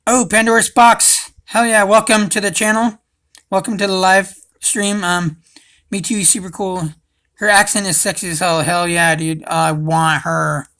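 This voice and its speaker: A man's voice: high-pitched, level tone, unhurried, sharp tone. Rambling guy on a livestream. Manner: rambling, profane, says dude a lot. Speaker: livestream host. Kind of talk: casual livestream chat.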